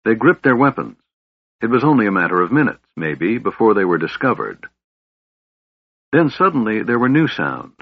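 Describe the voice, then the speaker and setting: A man's voice: lowish voice, sing-song, moderate pace, gravelly, husky, no room sound, narrow, tinny audio. A man steadily narrating a fantasy audiobook with a dramatic reading.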